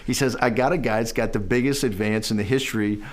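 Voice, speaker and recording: A man's voice: lowish voice, fairly even intonation, fast talker. A middle-aged man telling a long anecdote in a documentary interview, acting out bits of dialogue and often restarting his sentences.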